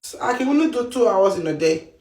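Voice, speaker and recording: A woman's voice: mid-range voice, lively intonation, fast talker, a little mellow, roomy sound. A woman from Africa telling a comic, self-mocking story to the camera. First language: an African language. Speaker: healthcare worker.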